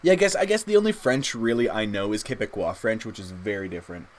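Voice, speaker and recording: Rambling young man streaming. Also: lowish voice. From Canada. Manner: rambling, halting, chatting with viewers while drawing. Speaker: streamer drawing live. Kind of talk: casual livestream chat.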